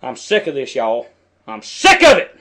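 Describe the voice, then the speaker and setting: A man's voice: medium pitch, wildly swooping pitch, moderate pace, fairly bright tone. A middle-aged man, angrily commenting over a news clip and talking back at the screen in a preachy, heated way. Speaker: video commentator.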